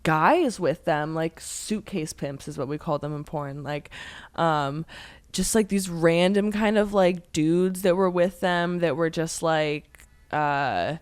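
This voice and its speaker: A woman in her twenties from Pennsylvania, USA, chats as a guest on a podcast, rambling casually and saying "like" a lot. Her low, smooth, darkish voice comes at a slow pace in a dry recording.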